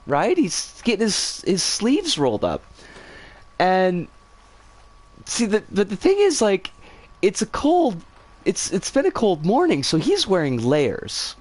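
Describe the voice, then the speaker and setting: Woman streamer, casual storyteller; very lively pitch, mid-range voice, freely profane. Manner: animated, swearing freely.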